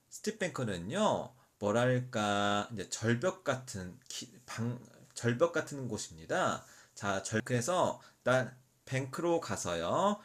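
A man's voice: mid-range voice, big pitch swings. Man teaching scripture phrase by phrase. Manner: reads each English phrase slowly, then translates it in quick Korean; self-corrects and restarts mid-word. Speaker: English Bible teacher. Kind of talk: slow English reading with Korean explanation.

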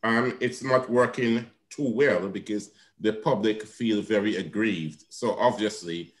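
A man chairing an online council committee, asking long, halting questions full of ums. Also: fairly low pitch, low-quality recording. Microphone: video call.

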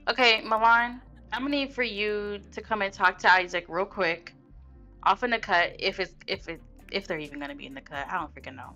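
A woman's voice: mid-range voice, brisk, sharp tone, faint music behind. A young woman casually commenting on her life-sim gameplay, chatty and slangy, laughing at what her characters do. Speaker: Sims let's play host.

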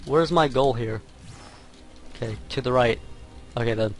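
A young man talks through his gameplay in loose, hesitant commentary, full of fillers and sudden exclamations. His voice is medium-pitched. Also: unhurried, soft background music. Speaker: let's play commentator.

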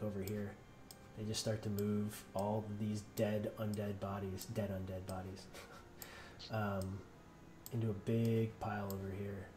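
A man's voice: on the low side, noisy background. A man narrating as game master in a loose, rambling way with many fillers.

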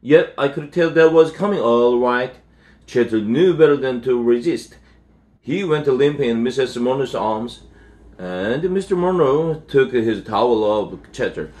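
A man's voice: mid-range voice, animated, darkish tone. Man reading a storybook aloud. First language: Korean. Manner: unhurried, with self-corrections and fillers. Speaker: English teacher. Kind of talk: reading a children's novel aloud.

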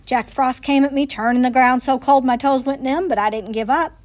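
Lady reading a picture book aloud at the library, high bright voice, folksy. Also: fairly quick. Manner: folksy, lively storytelling. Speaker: library storyteller.

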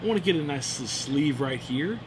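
A man's voice: a little high, expressive, brisk, noisy background. A middle-aged man hosting a cigar review, chatting in an enthusiastic, joking way. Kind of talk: casual chat. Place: room in Phoenix, Arizona.

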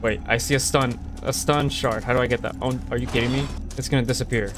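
A man's voice: medium pitch, steady tone, fast talker. A young man commenting on a horror game for his viewers, jumpy and easily scared. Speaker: gaming video host. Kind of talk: let's play commentary. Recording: voice over loud game music.

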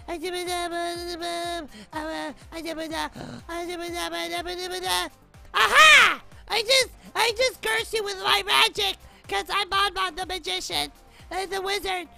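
A woman voicing a male bunny puppet magician with a squeaky, raspy, childish voice, whining and stammering. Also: bright, forceful tone, exaggerated voice. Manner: whining and stammering, near tears.

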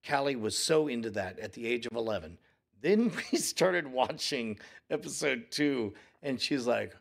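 A man in his forties chatting casually on a podcast, rambling and acting out quotes in lively voices. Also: mid-range voice, normal speed, gravelly. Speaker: podcast co-host. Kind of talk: casual chat.

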